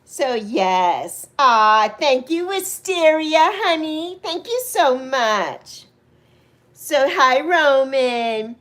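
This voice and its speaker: A woman in her sixties with a high voice talks casually to her livestream viewers. She is openly emotional and greets people by name. She laughs easily and jumps up into excited peaks. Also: drawn-out words. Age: 60s. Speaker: livestream host.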